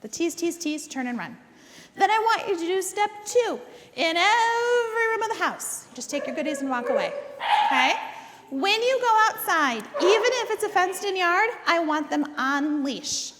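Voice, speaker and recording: Very high-voiced woman dog trainer. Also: big pitch swings, normal speed, a bit bright, long reverb tail. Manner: instructive, repeats words for emphasis, checks in with "okay?". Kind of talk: group class instruction. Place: indoor dog training facility.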